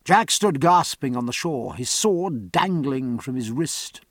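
A man narrating an audiobook in a measured, dramatic reading. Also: mid-range voice, expressive, no room sound, clean studio sound.

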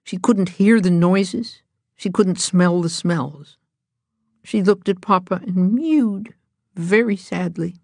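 Woman narrating a children's storybook, low voice, gentle and even, dry close recording. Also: slow, dry recording. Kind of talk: storybook reading aloud.

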